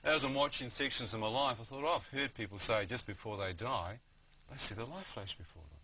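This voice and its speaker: New man, bright voice, vivid storyteller, faint hiss. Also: mid-range voice, a little fast, rough recording. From New Zealand. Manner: vivid, keeps saying "you know what I mean". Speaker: guest. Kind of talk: testimony storytelling.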